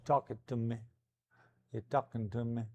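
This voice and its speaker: An easygoing middle-aged man talks through his painting on a live stream. His voice sits at an ordinary, mid-range pitch, and his chat is loose and unhurried. He mutters to himself as he mixes colors in his studio. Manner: relaxed, talks to himself while working. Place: art gallery studio.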